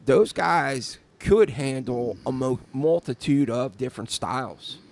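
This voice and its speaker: A man chatting loosely on a podcast about tattooing, circling back with stumbles and fillers. His voice has a gravelly fry at the bottom, set at a middle pitch for a man. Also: a little slow, darkish tone. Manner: rambling, repeats words, many fillers. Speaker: podcast co-host, tattoo artist. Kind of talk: casual chat.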